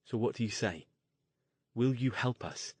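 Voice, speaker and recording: A man voicing a composed male mage and teacher who speaks in a measured, formal way. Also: mid-range voice, a little mellow, breathy edge, no room sound. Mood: persuasive.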